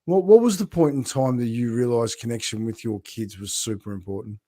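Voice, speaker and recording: Male host, mid-pitched, eager and talkative on a live video call. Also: fairly quick, mellow. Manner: enthusiastic, lots of restarts and "right?" tags. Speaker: interview host. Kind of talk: casual live-stream interview.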